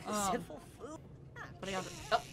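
A woman's voice: mid-range voice, expressive, moderate pace, over a noisy crowd. Chatty giggly young woman gaming. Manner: chatty and giggly, often laughing, exclaiming loudly at the game. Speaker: gameplay commentator. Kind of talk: casual let's-play commentary.

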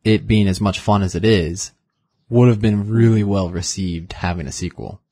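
Low-voiced husky man, casual podcast chat. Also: moderate pace, warm tone, no echo, clean studio sound. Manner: retells scenes with quoted lines, chatty. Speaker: podcast host. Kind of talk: casual movie discussion podcast.

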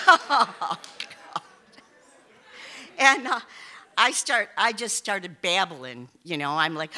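A woman telling a personal story to a live audience, animated, often laughing and exclaiming. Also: medium pitch, slow pace, long pauses.

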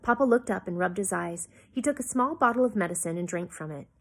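A woman reads a novel aloud in an expressive, homey way, pausing now and then for small asides and self-corrections. Her voice is breathy and slightly husky. The pitch sits in a middle range. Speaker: reader.

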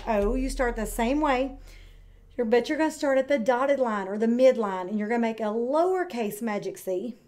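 A woman teaching kindergarten, speaking slowly and clearly with encouraging, drawn-out words for young children. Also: on the high side, a little mellow. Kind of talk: read-aloud lesson for young children.

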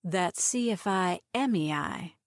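A woman's voice: fairly low pitch, a little slow, no echo. A woman reader voicing a self-assured woman doctor and pilot who speaks in a dry drawl. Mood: wry.

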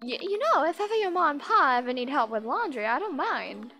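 A woman's voice: high voice, big pitch swings, brisk, sharp tone, voice pushed up, exaggerated voice. A woman voicing a friendly, doting townswoman in a game, with a put-on American country accent and a chatty, sing-song manner. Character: friendly folksy female townswoman. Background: game music.

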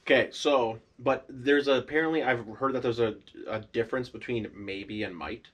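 A man's voice: medium pitch, normal speed, muffled recording. A man co-hosting a podcast, chatting casually and explaining word meanings in an easygoing way. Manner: easygoing, explains words, chuckles. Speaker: podcast co-host. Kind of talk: casual chat.

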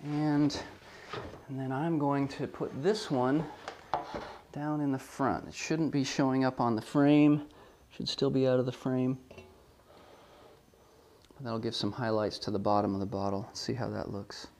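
Unhurried and pausing often, a man with a medium-pitched voice guides viewers through product photography hands-on, with a little hiss or hum in the audio. His delivery is relaxed and exploratory, full of ums and corrections of his own wording.

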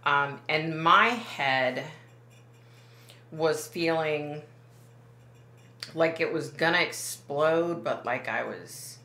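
A woman's voice: sits low, extremely slow, pauses often, bright, forceful tone, reverberant. A woman working as a psychic medium, talking to camera in a casual, rambling way, often backing up and correcting herself. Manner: rambling, self-correcting, many fillers.

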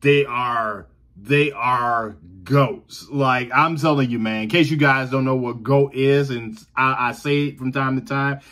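A man from the Southern United States with a Southern accent hosts reaction videos, chatting enthusiastically and casually straight to the camera, repeating himself and laughing often. His mid-range voice is steady, unhurried and a bit bright.

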